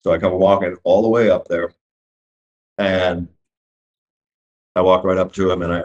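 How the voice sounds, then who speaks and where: A middle-aged man telling his own story in casual speech, halting and full of restarts as he acts out what was said. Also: sits low, level tone, a little mellow. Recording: dull lo-fi recording.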